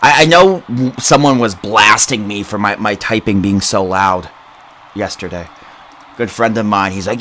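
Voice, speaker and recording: A young man hosting a casual livestream into a boom-arm mic. He giggles often, rambles, repeats words and mocks himself. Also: moderate pace, bright, forceful tone, slight background noise. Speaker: livestream host.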